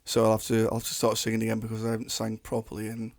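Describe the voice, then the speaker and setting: A man's voice: lowish voice, monotone, racing, vocal fry, a little mellow, dry recording. A man, a musician guest telling laid-back, sweary stories in casual chat.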